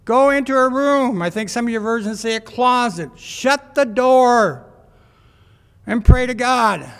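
A man delivers a sermon in a very high voice, taking his time over each phrase. He keeps putting questions to his listeners, and his words ring out with a long reverb, as in a church hall. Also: lively intonation, unhurried, fairly bright tone. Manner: asks the congregation rhetorical questions. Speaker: preacher.

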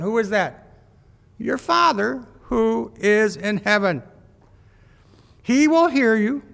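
A man delivers a sermon in a very high voice, taking his time over each phrase. He keeps putting questions to his listeners, and his words ring out with a long reverb, as in a church hall. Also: vocal fry. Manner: asks the congregation rhetorical questions. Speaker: preacher.

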